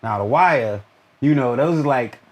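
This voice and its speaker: A man's voice: medium pitch, animated. Laid-back man telling stories in an interview. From Newark, New Jersey. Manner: laid-back, drawn-out anecdotes full of "you know". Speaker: actor guest. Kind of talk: casual interview storytelling.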